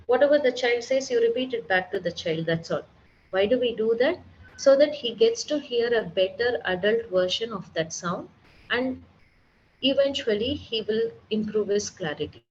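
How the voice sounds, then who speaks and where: A woman's voice: fairly high pitch, expressive, moderate pace, darkish tone, muffled recording, slight background noise. A woman speech therapist giving a seminar lecture, explaining patiently and demonstrating sounds aloud.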